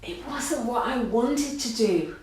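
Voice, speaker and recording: A woman's voice: fairly high pitch, expressive, takes it slowly, darkish tone. Earnest woman in a very echoey room. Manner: reflective, earnest, laughing and emotional at times. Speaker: art course host. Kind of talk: personal talk to camera.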